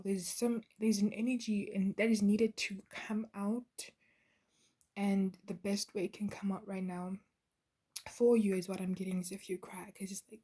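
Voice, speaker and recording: A woman giving a channeled spiritual card reading in a soft, half-whispered, halting way, with many pauses. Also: medium pitch, breathy edge. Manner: soft, gentle, halting with fillers. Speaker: intuitive card reader.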